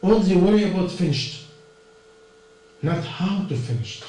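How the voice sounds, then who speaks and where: High-voiced preacher in an echoey hall. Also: male voice, expressive, a little slow, dark tone. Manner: earnest, non-native English with plain grammar slips. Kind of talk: sermon. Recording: echoey distant room recording with mains hum.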